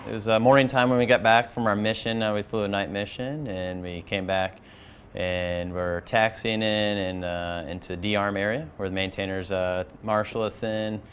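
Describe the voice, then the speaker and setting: A man recalls an incident in an interview, pausing often and filling gaps with hesitations. His voice is deep and stays fairly flat. Faint background noise sits behind him. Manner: halting, lots of fillers. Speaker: aircrew member recounting an incident. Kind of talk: interview recollection.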